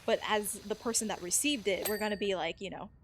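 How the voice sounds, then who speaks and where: On her home desk mic, a streamer playing a cleaning game chats casually with viewers, rambling, giggling a lot and saying "like" and "you know" constantly. She speaks briskly at a medium pitch. A little hiss or hum sits in the background.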